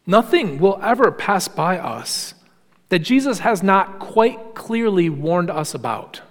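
A man's voice: sing-song, takes it slowly. Earnest male preacher in a reverberant hall. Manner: earnest preaching, swinging between quiet low stretches and raised emphatic passages; repeats words when he restarts. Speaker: pastor. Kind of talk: sermon.

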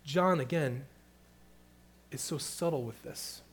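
A middle-aged man preaching a sermon, moving between hushed, tender passages and loud, emphatic questions. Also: fairly high pitch, slow, slightly rough. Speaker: pastor.

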